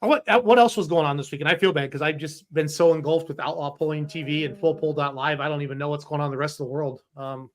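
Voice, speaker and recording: A man with a slightly high voice, hosting a laid-back podcast chat. He talks in an easygoing way and drops in quick promotional asides. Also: steady tone. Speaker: podcast host.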